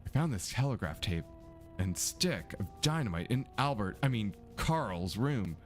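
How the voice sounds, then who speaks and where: A man's voice: on the low side, animated, a little slow, soft background music. A man voicing an earnest young woman amateur detective in a mystery game, reading her dialogue steadily in his own voice.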